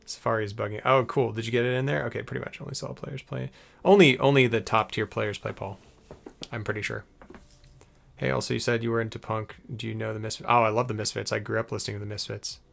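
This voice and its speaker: A man's voice: lowish voice, fairly even intonation, fast talker, creaky, a bit bright. A man casually chatting on a live stream while editing a podcast, giggling and muttering to himself as he works.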